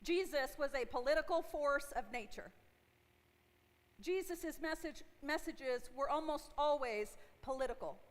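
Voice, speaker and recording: A woman's voice: high voice, lively intonation, a little slow. A woman in her forties, a pastor giving a conversational sermon and asking her congregation questions. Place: church sanctuary. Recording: long hall reverb from a church.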